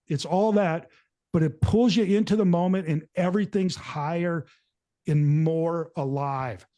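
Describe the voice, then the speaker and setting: A middle-aged man hosting a show, telling a story in a rambling, animated way and acting out what people said. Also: fairly high pitch. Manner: rambling, animated, acts out quotes. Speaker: show host. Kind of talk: casual storytelling to co-hosts.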